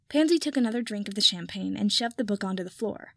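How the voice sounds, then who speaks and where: A woman narrating a piece of fan fiction aloud in a steady storytelling manner. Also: a little high, fast, few pauses, no room sound, studio quality. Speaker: reader.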